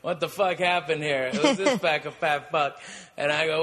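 Comedian guy telling raunchy stories, bright sharp voice, reverby room. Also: on the high side, moderate pace. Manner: profane, animated anecdotes. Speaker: comedian podcast co-host. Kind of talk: casual storytelling. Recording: long reverb.

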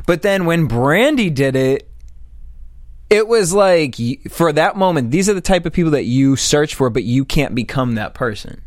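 A man in his late twenties hosting a casual podcast, talking in a chatty, halting way. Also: on the high side, expressive, no room sound, studio quality. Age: late 20s. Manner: chatty, halting, many restarts.

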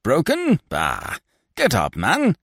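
A man's voice: mid-range voice, huge pitch swings, unhurried, gravelly, breathy edge, no room sound, clean studio sound, voice pushed up, exaggerated voice. A man voicing a fat, pompous male theatre-troupe manager who blusters and brags. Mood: blustering. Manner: blustering, self-satisfied.

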